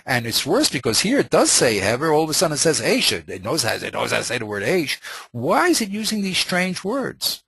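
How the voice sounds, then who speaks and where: A man's voice: mid-range voice, gravelly, a bit bright, slightly rough, no echo. A man teaching a Talmud class in an informal lecture style, thinking aloud with many restarts and Hebrew and Yiddish terms.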